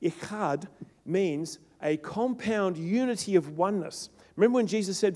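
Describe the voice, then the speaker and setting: Preacher in an echoing hall. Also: male voice, high-pitched, a little slow. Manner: builds to loud emphatic peaks, then drops soft. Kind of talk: sermon. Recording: long reverb of a large hall.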